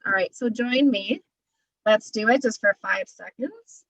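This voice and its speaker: A woman speech therapist teaching an online class, talking deliberately and encouragingly, her voice a little scratchy from talking. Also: medium pitch, no echo. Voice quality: says she naturally has a quiet voice. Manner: deliberate, encouraging, demonstrates loud vocal drills. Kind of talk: webinar instruction with voice exercises.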